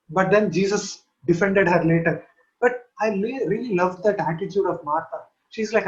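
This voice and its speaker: A man's voice: high-pitched, moderate pace. A man giving an earnest teaching sermon, repeating key phrases to urge his listeners on, recorded from an online session. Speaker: Christian teacher. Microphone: online call. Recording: dull lo-fi online session audio.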